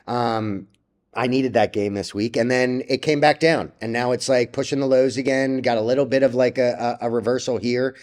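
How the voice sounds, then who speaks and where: A man's voice: medium pitch, steady tone, normal speed, darkish tone. Blunt, profane stock-trading vlogger man. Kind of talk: casual ranting commentary.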